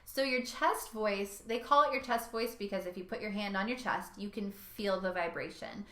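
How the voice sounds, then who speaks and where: Bright, lively woman vocal coach. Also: medium pitch, moderate pace, roomy sound. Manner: lively, demonstrates sounds with her voice. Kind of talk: singing lesson to camera.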